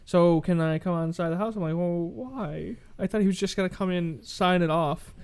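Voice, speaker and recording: A man's voice: sits high, normal speed, clean tone. A man co-hosting a podcast, telling a story in casual chat, acting out what people said and swearing freely. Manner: animated, acts out quoted dialogue, swears freely. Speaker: podcast co-host.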